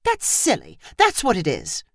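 A woman's voice: huge pitch swings, a little slow, creaky, fairly bright tone, no room sound, studio quality, full character voice. A woman voicing an exasperated British wife and mother who pleads and scolds. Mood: insistent. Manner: pleading, then shrill and scolding.

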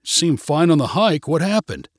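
A man's voice: fairly high pitch, sing-song, normal speed, no echo, clean studio sound. A man voicing an earnest, frustrated young boyfriend in a read-aloud story. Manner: earnest, exasperated.

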